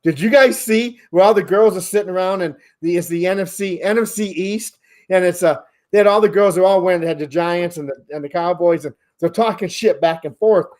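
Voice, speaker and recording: A man's voice: sits high, fairly quick, darkish tone. A man co-hosting a podcast, chatting casually over a video call, telling rambling stories and swearing freely. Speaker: podcast co-host. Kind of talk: casual chat.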